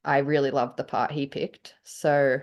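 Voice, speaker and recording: A woman's voice: extremely low pitch, unhurried. An Australian woman, a podcast co-host and author, chatting casually and reading her own story aloud with feeling, often laughing. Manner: animated, laughs often, gets choked up.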